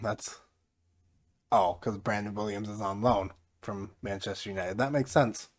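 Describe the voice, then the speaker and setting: A man giving casual, mostly flat commentary over his own football management game, getting livelier when something happens. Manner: mostly flat and low-key, jumping up excitedly at goals; self-described monotone delivery. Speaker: gaming YouTuber.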